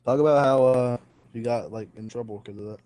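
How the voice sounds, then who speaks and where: A man's voice: medium pitch, fairly quick, dark tone, no echo. A teenage boy co-hosting a student podcast, laid-back, filling in details in casual chat. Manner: laid-back, chuckles along, fills in details.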